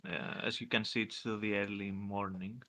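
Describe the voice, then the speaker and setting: A man acting as game master in a tabletop role-play, with a very bright, forceful tone. He talks casually and halts to search for words. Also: on the low side, level tone. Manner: casual, halting with fillers.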